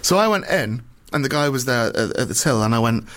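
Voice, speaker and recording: A man's voice: medium pitch, fairly quick. A man, a comedian and podcast host, telling anecdotes in casual chat, swearing freely and acting out what others said. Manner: animated storyteller, swears freely, acts out quoted voices.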